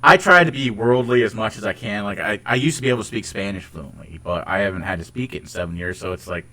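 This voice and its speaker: On a podcast, a young co-host from Ohio, whose accent carries some Northeastern US traits, chats casually. He rambles with lots of "like"s and restarts. His voice is on the low side, fast, bright and forceful.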